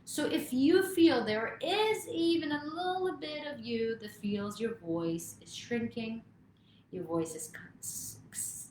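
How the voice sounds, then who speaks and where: A woman's voice: high voice, animated, slow, a little mellow, slight background noise. A woman vocal coach giving an emphatic motivational talk to camera, often checking in with "right?". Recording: echoey room.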